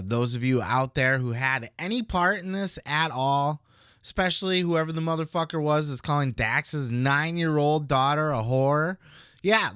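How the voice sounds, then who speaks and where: A man's voice: on the high side, bright, forceful tone, clean tone, dry recording, studio quality. A man hosting a wrestling commentary podcast, ranting in a heated, blunt and profane way. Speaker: podcast host.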